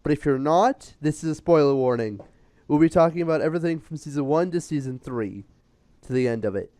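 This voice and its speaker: A man hosting a casual interview, chatty and quick to laugh. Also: a little high, dark tone, no room sound. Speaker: interviewer host.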